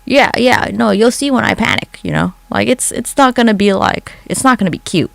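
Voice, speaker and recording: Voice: medium pitch, expressive, a little fast, vocal fry, fairly bright tone, no room sound. A livestreamer chatting casually late at night from home into a phone, rambling, swearing freely and answering comments from chat.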